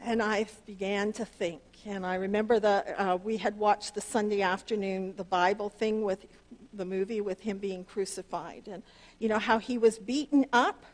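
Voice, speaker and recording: A woman pastor, preaching earnestly through a personal story, her voice leaping up on key words. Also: normal speed. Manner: earnest and animated, pitch leaps up on emphasis. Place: church sanctuary.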